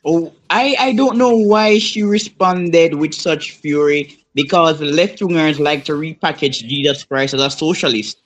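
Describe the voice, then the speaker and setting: Earnest guy on a panel, voice kinda high. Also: a little slow, hardly any pauses, a bit bright. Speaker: panel guest. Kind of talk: panel discussion.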